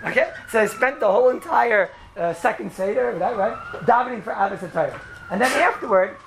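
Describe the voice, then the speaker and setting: A man giving an informal Torah talk to students, telling stories in a rambling, animated way with many fillers and laughs. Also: high voice, fairly quick, gravelly. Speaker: yeshiva lecturer. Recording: echoey room with background noise.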